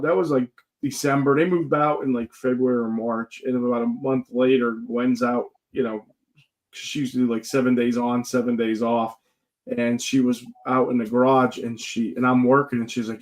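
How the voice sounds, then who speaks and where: A man's voice: medium pitch, steady tone, moderate pace. A man telling ghost stories in casual chat as a guest paranormal investigator, joking and rambling with many fillers.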